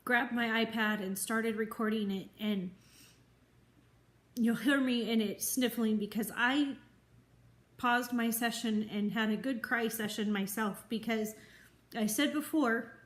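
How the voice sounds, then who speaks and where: A woman's voice: fairly high pitch, steady tone. A woman dog trainer talking earnestly to the camera in a vlog, teary and sniffly after a good cry. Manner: slow, heartfelt, earnest. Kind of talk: emotional vlog talk to camera. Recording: echoey room.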